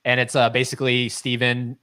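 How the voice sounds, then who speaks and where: A man co-hosts a casual live stream and talks about films in a loose, rambling way. His voice sits at an ordinary middle pitch, and he fills his sentences with false starts and little fillers. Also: monotone, fairly quick, sharp tone, smooth. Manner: rambling, many fillers and restarts. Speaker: podcast co-host.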